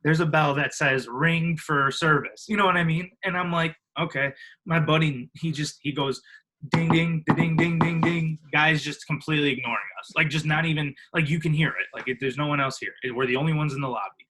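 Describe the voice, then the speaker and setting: A man's voice: a little high, fast, background noise. A young man in his twenties, a podcast guest, telling stories casually and animatedly, acting out other people's voices and using lots of fillers. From Illinois, US. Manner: animated, acts out other people, heavy filler words, laughs often. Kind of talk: casual storytelling.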